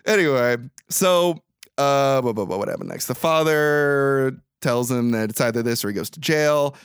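A young man recapping a movie in casual podcast chat, animated, profane and mock-exasperated. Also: medium pitch, moderate pace, smooth, no room sound, studio quality. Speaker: podcast co-host.

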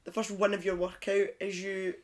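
A young woman, a personal trainer, chatting as a podcast guest and reacting with quick interjections. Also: mid-range voice, level tone. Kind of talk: casual podcast chat.

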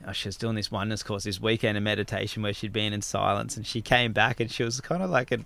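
A man in casual conversation, telling a story in an animated way, laughing often and swearing freely. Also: fairly low pitch, quick pace, gravelly.

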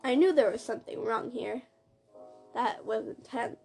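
A woman giving live commentary on her own game play, excitable and gasping as she reacts. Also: a little high, moderate pace, gravelly, soft background music. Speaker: gamer narrating her play.

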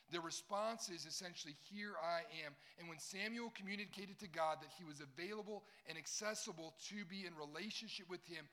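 Young male pastor with a bright, fairly high voice, preaching and joking with the room. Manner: jokey, talks straight to a young crowd. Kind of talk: sermon.

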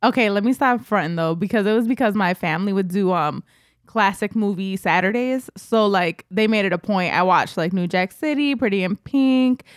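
A woman's voice: mid-range voice, normal speed, no room sound, clean studio sound. Emphatic young woman co-hosting. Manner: emphatic, frank, swears. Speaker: podcast co-host. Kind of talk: casual chat.

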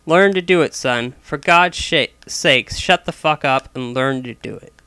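A man's voice: medium pitch, a little slow, pushed and bright, clear, resonant tone, no echo. A man voicing a stubborn, blunt retired father in his sixties who scolds and swears, in a read-aloud story. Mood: gruff.

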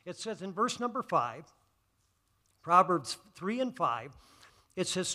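A male pastor preaching a sermon, quoting scripture slowly and building from calm teaching to loud, fervent exhortation. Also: high voice. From United States. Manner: quotes scripture in slow measured phrases.

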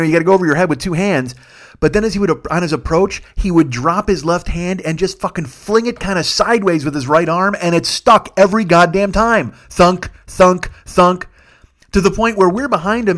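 A middle-aged man spins a rambling comic story into a studio microphone, his voice pitched somewhat high for a man. He swears often, laughs between lines and jumps loudly into the voices of the people in his tale. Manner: animated, profane, laughing, acts out quoted voices loudly. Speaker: podcast host.

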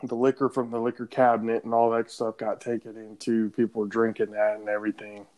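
A man's voice: on the low side, completely flat delivery, brisk, darkish tone, low-quality recording. A young man casually and loosely telling a story to friends on a podcast, with some swearing. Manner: rambling, profane, loose. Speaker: podcast co-host.

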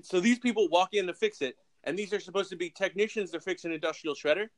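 On a remote podcast call, a male co-host with a high voice retells a film's plot at a quick pace. He's an animated storyteller who swears freely, heard in a rough recording with no echo.

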